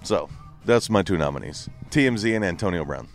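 A man with a somewhat low voice hosts a casual podcast in a pub, with faint music behind him. He teases his guests and swears easily. His talk is blunt and off the cuff. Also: expressive, brisk. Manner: teasing, blunt, swears freely. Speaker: podcast host. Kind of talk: casual banter. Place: Irish pub.

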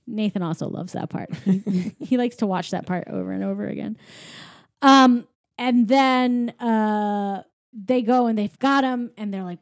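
A woman in her thirties casually recapping a movie plot, jumping into quick character voices as she retells scenes. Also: medium pitch, dry recording, clean studio sound. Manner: animated, acts out characters' lines in quick voices.

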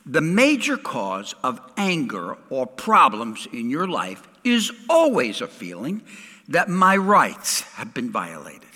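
A middle-aged male pastor preaching a sermon, swinging dramatically from loud to hushed. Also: mid-range voice, huge pitch swings, takes it slowly, husky, big-room sound.

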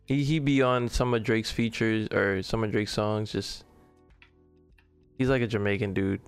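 A man in casual group talk, laid-back and measured as he makes a point. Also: lowish voice, fairly even intonation, clean tone, faint music behind.

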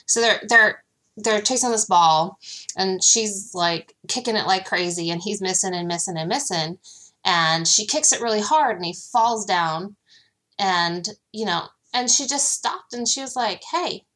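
A woman author, a guest on a podcast, telling stories in an animated way with many ums. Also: medium pitch, measured pace. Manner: speaks about her daughter. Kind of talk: casual podcast interview.

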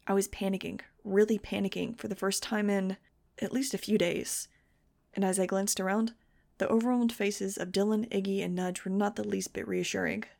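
A woman's voice: mid-range voice, level tone, normal speed, gravelly, darkish tone. A woman narrating a novel in a wry first-person style for a fan audiobook. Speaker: audiobook reader.

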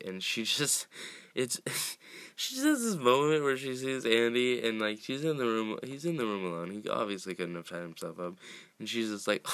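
Man, podcast host, casual film recap, rambling with laughs and restarts, slow delivery. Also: fairly low pitch, a bit bright, dry recording. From United States. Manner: rambling, laughs often, frequent restarts and fillers.

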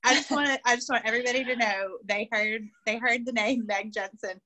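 A woman's voice: on the high side, brisk, bright, forceful tone, low-quality recording. A woman co-hosting a podcast, chiming in with teasing, upbeat remarks. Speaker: podcast co-host. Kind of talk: casual chat.

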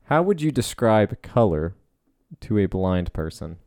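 Lively low-voiced young man chatting. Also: unhurried, dry recording, studio quality. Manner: inquisitive, laughs often, steers the questions. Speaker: podcast co-host. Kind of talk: casual chat.

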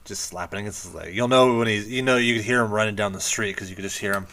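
A man's voice: lowish voice, quick pace, background noise. A man co-hosting a casual podcast, teasing the others with crude jokes. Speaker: podcast co-host. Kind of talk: casual chat.

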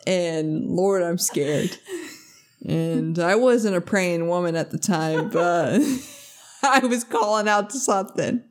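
A woman's voice: fairly low pitch, slow. A young woman co-hosting a podcast, telling a funny story in casual chat, swearing often and breaking into laughter. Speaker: podcast co-host.

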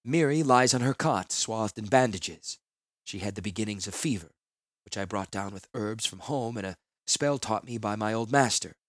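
A man narrating a fantasy audiobook in a solemn, measured manner. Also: fairly low pitch, dry recording.

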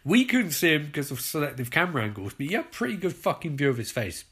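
British male podcaster, animated pitch, bit higher than most, sarcastic running commentary, swears freely. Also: quick pace, breathy edge. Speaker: podcast host.

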